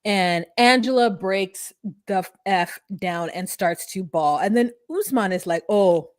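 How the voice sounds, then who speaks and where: A woman co-hosting a casual chat, recapping reality TV in an animated, profane way. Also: medium pitch, a little slow. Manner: animated, profane, mimics people in quotes. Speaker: podcast co-host recapping reality TV.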